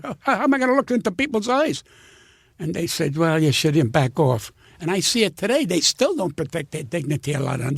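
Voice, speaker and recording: Gravelly older man telling blunt stories. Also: sits high, no echo. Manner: blunt, profane, heated storyteller. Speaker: guest comedian. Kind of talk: storytelling interview.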